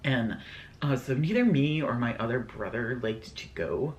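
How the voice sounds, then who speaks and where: Casual storytime vlogger, male, middle pitch, rambling and scatterbrained, faint hiss. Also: unhurried. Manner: scatterbrained, rambling, many fillers.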